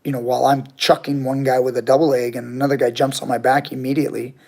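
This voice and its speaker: Grappling coach host, man, gravelly mid-pitched voice, candid, talks to his chat. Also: flat delivery, fast talker, a little mellow. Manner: candid, swears casually. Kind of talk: casual live-chat storytelling.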